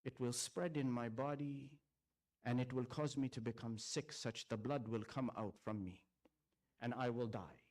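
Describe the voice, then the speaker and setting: A man giving a solemn sermon, telling a story and voicing the people in it, with drawn-out recitation. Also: mid-range voice, darkish tone. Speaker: speaker at a religious gathering. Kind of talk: sermon narration.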